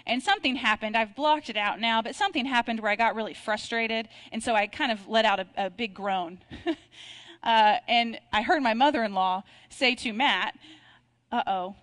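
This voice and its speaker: A woman in her thirties preaching a sermon, talking in a reflective, conversational way, reading scripture and slowing down for emphasis. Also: a little high, a bit bright. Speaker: pastor.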